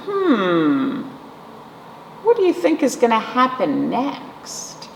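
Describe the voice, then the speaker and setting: Slow, lively storytime woman. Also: on the high side, gravelly. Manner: warm, playful, asks kids questions. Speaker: children's librarian, storytime host. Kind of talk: picture book read-aloud for children. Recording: reverberant room, faint noise.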